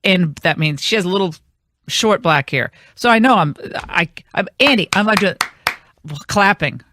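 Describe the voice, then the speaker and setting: Animated woman radio host rambling on-air. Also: on the low side, normal speed, noisy background. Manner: rambling, anecdotal storytelling. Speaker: radio talk show host. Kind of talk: casual on-air chat. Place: radio studio.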